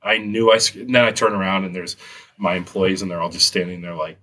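A man's voice: low-pitched, fairly even intonation, quick pace, a bit bright. A man with a Western New York accent, a business owner, telling a story in casual chat, acting out quotes and swearing freely.

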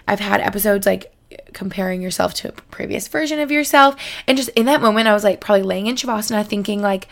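A woman in her twenties hosting a podcast in casual, excitable chat, with lots of filler words. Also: mid-range voice, fairly quick, creaky. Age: 20s. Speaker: podcast host.

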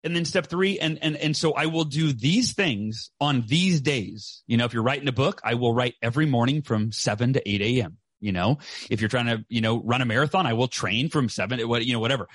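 A man's voice: mid-range voice, a little fast, slightly rough, dry recording. A man in his forties giving a passionate motivational interview, emphatic, repeating phrases and often asking "right?". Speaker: podcast guest, author and speaker.

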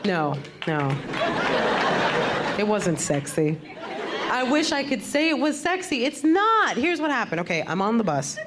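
A woman's voice: a little high, sing-song, unhurried, pauses often. A woman comedian performing a stand-up set, telling a story with wry, punchy delivery. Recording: live comedy club recording, loud crowd and noise. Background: loud audience laughter.

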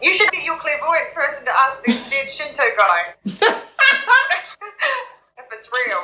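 A woman co-hosting a podcast, reacting with quick jokes and exclamations as she chats along. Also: sits high, sing-song, bright, forceful tone, reverberant, low-quality recording. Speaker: podcast co-host. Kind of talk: casual chat.

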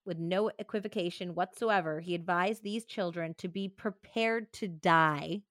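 Young woman true crime podcast host, reads passages then chats casually, lowish, dry sound. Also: normal speed, a bit bright, dry recording.

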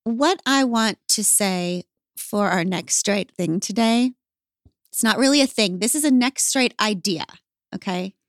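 A woman hosting a podcast, telling stories in an emphatic, animated way. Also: mid-range voice, a little slow, no room sound, clean studio sound. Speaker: podcast host. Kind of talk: casual podcast chat.

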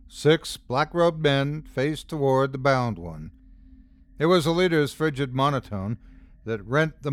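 A male host narrates a pulp horror tale in a measured, dramatic reading. He speaks slowly and keeps his pitch in an ordinary middle range. The delivery is scripted storytelling.

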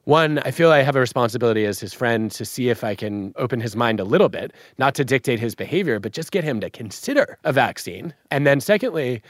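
Middle-aged man, animated storyteller who plays both sides of a debate, dry studio sound. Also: mid-range voice, no room sound. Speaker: guest author. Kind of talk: podcast conversation.

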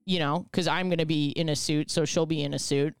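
A woman's voice: deep voice, fairly even intonation, fairly quick, smooth, no room sound, clean studio sound. A woman hosting a casual podcast, rambling and joking. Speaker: podcast host. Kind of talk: casual chat.

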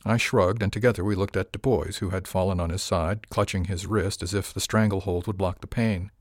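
A man narrates a first-person audiobook in an even, wry voice that sits on the low side. The sound is dry and close, with no room in it. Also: fairly quick, dry recording.

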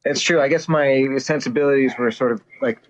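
A man's voice: mid-range voice, fairly quick. A man, a musician, chatting casually and joking, full of filler words. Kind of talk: casual chat. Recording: muffled lo-fi audio with faint noise.

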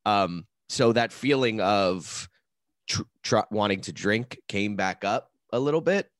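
A man's voice: on the low side, unhurried, dry recording, clean studio sound. A man co-hosting a podcast, telling rambling stories in casual chat and acting out little voices. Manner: rambling, animated storytelling with playful voices. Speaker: podcast co-host.

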